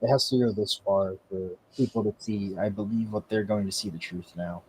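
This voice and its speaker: A man talking on a live stream, halting and repeating words as he speaks. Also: fairly low pitch, fairly even intonation, a little hiss or hum, poor audio. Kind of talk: casual live-stream talk.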